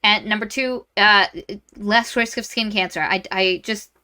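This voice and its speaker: A woman co-hosting a casual book review podcast, retelling scenes with lively acted-out quotes. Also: mid-range voice, a little slow. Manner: animated retelling, acts out characters' lines. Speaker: podcast co-host.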